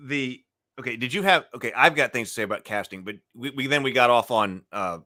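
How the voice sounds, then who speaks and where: Male podcast host, bright and forceful tone, rambling delivery with lots of restarts. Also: medium pitch, fairly quick. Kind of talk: casual discussion.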